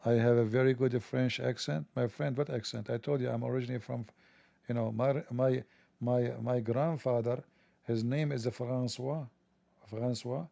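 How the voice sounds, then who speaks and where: A man with a gravelly, mellow voice talks through a satirical monologue in a mocking, sarcastic tone. The sound is dry and close, with no room around it. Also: mid-range voice, steady tone, normal speed, no echo.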